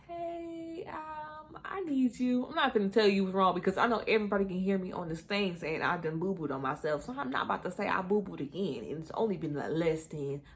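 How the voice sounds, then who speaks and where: Chatty young woman telling a candid story. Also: lowish voice. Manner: animated and candid, often drops into hushed asides and laughs at herself; talks straight to viewers with frequent y'all. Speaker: mother telling her birth story. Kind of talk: casual storytime vlog.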